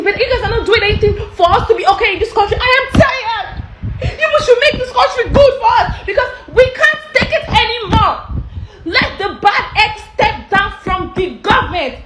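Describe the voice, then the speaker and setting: A woman's voice: very high voice, fairly bright tone, reverberant, a little hiss or hum, low-quality recording. A woman ranting angrily and emotionally into the camera. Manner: angry, exasperated, emotional. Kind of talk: angry video rant.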